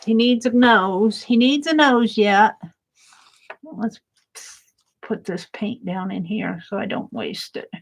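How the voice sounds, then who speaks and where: A woman art vlogger chatting and gushing while she paints, laughing often and thanking viewers warmly. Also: medium pitch, slow, gravelly, long pauses.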